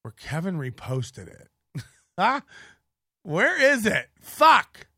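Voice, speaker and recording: A man's voice: high voice, huge pitch swings, takes it slowly, bright, forceful tone, husky, no room sound, studio quality. A middle-aged man hosting an online show, ranting in sarcastic, profane commentary and muttering while he scrolls through posts.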